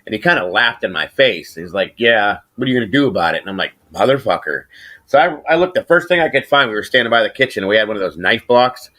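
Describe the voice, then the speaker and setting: A middle-aged man hosting a casual podcast, telling a rambling, profane story and getting animated when he quotes people. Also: on the low side, quick pace, hardly any pauses. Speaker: podcast host.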